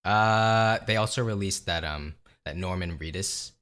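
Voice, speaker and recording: A man co-hosting a podcast, chatting casually about video games in a relaxed, teasing way and swearing now and then. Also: low voice, unhurried. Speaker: podcast co-host.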